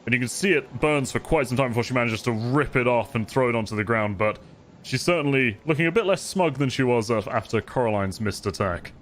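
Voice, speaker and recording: A man acting as game master, narrating a tabletop game scene in vivid, relaxed descriptive detail. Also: mid-range voice, brisk, a little hiss or hum.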